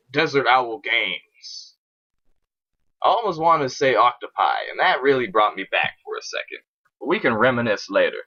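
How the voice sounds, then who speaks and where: A young man casually commentating his own strategy game match, swearing often and getting excited as he talks to viewers. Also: mid-range voice, dull audio.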